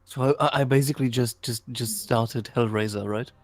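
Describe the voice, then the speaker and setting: A man's voice: mid-range voice, fairly even intonation, moderate pace, dry recording. A man playing a tabletop game, casual, stammering, and swearing. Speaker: player.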